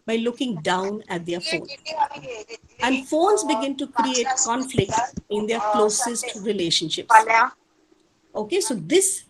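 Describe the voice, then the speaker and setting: A woman's voice: medium pitch, slight background noise, poor audio. A woman giving an earnest webinar lecture with advice for parents. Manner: earnest, advising, addresses parents directly. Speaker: parenting speaker.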